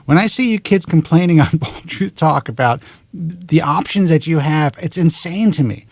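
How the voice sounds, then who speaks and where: A man in his forties with a New York accent, hosting a talk show and ranting in an animated, exasperated monologue into a close studio mic. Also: on the high side, normal speed, vocal fry, no echo. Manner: animated, exasperated, swears in clipped letters.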